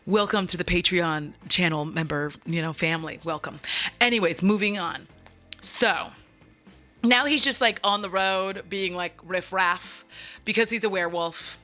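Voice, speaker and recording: Soft music plays behind a woman whose fairly low voice sounds pushed and bright at a normal pace. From home, she hosts her channel with a funny, chatty movie recap peppered with remarks aimed right at her viewers.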